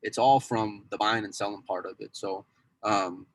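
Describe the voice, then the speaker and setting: A man's voice: lowish voice, steady tone, moderate pace, poor audio. A man on a podcast talking casually about his work as a pool news insider and cue dealer, rambling with many restarts.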